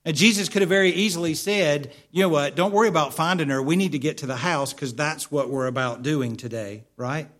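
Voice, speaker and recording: A man delivering a sermon from the pulpit with a voice a little higher than most men's. He speaks earnestly, says his key points twice and keeps asking the congregation questions. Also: fairly quick, few pauses, a bit bright. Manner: earnest, repeats key lines for emphasis. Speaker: pastor.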